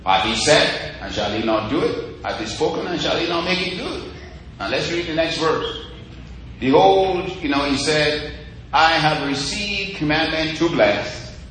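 A man's voice: medium pitch, a little hiss or hum. Echoey male preacher with rising exclaims. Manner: rising to loud exclaims of praise, scripture quoted in a singing lilt. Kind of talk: sermon. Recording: very echoey room, faint ambience.

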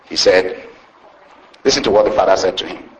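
Brisk and low-voiced, this man preaches by retelling a parable vividly, punctuating each point with "see?" A roomy echo surrounds him.

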